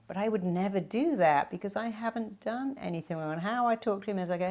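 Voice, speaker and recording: A woman's voice: mid-range voice, fast talker, hardly any pauses, a little mellow. A middle-aged woman, a self-help speaker, answering viewer questions with emphatic advice and acting out quoted speech.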